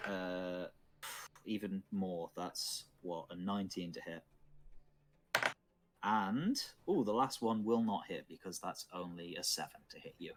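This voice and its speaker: A man acting as dungeon master, calmly narrating dice rolls and the action of a tabletop game. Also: low voice, measured pace.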